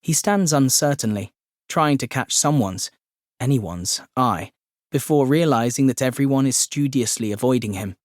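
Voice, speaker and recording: Male audiobook narrator, measured mid-pitch delivery, dry booth sound. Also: lively intonation, no room sound. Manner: measured, descriptive. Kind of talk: scripted narration.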